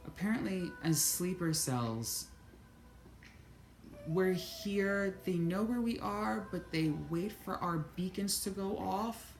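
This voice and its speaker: A woman vlogger telling a spiritual story in casual, profane talk, moving between hushed and excited. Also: medium pitch, slow, reverberant, soft background music.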